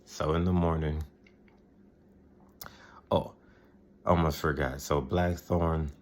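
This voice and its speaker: A man's voice: a bass voice, steady tone, takes it slowly, darkish tone. A man casually recapping a TV episode, rambling, laughing often and mimicking the characters. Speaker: video host recapping a TV episode.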